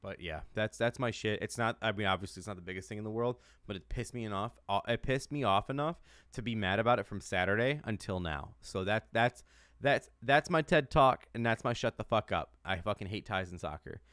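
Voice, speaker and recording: A man's voice: on the low side, brisk, a bit bright, no room sound, clean studio sound. A man from the United States, a podcast co-host, ranting about sports with heavy swearing and lots of repetition. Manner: heated, swears a lot, repeats himself. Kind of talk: profane sports rant.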